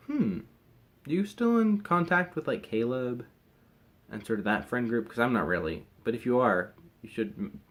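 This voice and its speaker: A young man chatting casually to camera in a rambling, hesitant way, full of fillers and restarts. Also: fairly low pitch. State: recovering from wisdom teeth removal. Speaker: vlogger.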